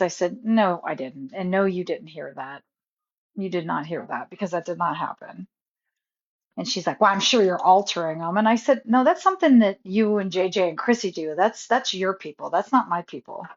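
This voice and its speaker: Fired-up woman ranting to her phone, kinda low voice, muffled lo-fi sound, keeps going off on tangents. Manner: indignant, rambling, talks over herself. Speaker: vlogger. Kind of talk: casual rant to camera. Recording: dull lo-fi phone audio.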